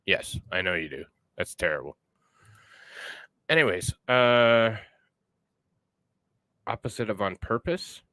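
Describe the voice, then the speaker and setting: A man's voice: on the low side, expressive, takes it slowly, pauses often, pushed and bright, dry recording. An American man hosting a livestream, blunt and profane, greeting viewers in chat. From United States. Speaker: show host.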